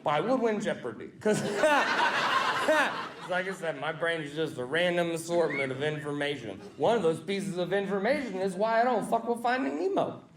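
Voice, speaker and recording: Stand-up comic, man, from the US South, very high voice, brash and profane, echoey club with a roaring crowd. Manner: brash, profane, shouting punchlines. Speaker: stand-up comedian. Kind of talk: stand-up comedy set. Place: comedy club stage with live audience.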